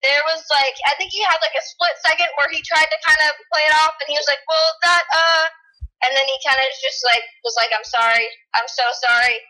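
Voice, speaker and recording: Young adult woman, guest; high, bright, emotional storyteller. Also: fairly even intonation, fast, hardly any pauses, poor audio. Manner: emotional storytelling, lots of fillers. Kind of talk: casual chat.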